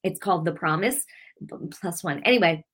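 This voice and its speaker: A woman's voice: lowish voice, normal speed, a bit bright, slightly rough. A middle-aged woman preaching on her weekly broadcast, telling a personal testimony in an emotional, rambling way with many restarts. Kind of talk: heartfelt sermon with personal testimony.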